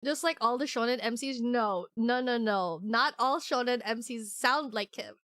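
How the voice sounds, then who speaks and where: A sleepy, excitable woman streaming a game, chatting and giggling as she plays. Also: on the high side, moderate pace, no echo, studio quality. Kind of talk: casual live-stream commentary.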